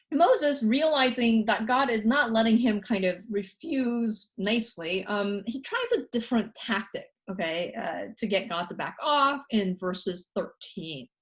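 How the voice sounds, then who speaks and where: A woman lecturing a university class in a casual way, often checking in with "okay?" and reading scripture passages aloud quickly. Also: on the high side. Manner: conversational, frequent "okay?" and "you know" fillers. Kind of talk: recorded college lecture.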